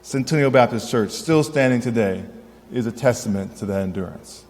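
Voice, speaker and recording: A man's voice: mid-range voice, moderate pace, darkish tone. A man giving an earnest public talk to an audience, checking in with "right?" as he goes. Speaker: historian speaker. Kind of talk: public lecture. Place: event hall. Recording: long hall reverb.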